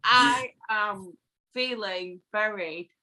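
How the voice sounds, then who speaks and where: A drunk woman playing a tabletop game, giggly with loud laughs. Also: mid-range voice, very slow, low-quality recording. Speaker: player. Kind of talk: casual tabletop game play.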